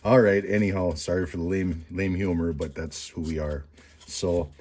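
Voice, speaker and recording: A man's voice: deep voice, steady tone, moderate pace, a little mellow. A man teaching taxidermy in a casual, rambling tutorial from his workshop, folksy and self-mocking. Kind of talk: casual how-to tutorial with jokes.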